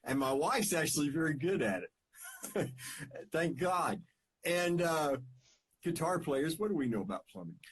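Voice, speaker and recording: Husky man greeting viewers. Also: on the high side, unhurried, long pauses. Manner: relaxed, greets viewers, rambling stories. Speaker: podcast co-host. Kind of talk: casual chat on a live stream.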